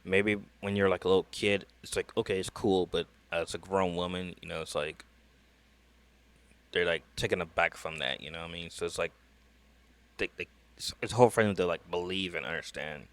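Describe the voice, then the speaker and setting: Man, reaction video host, rambling casual chat, lowish voice, lots of fillers. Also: fairly even intonation, moderate pace. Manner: rambling, with many fillers and laughs.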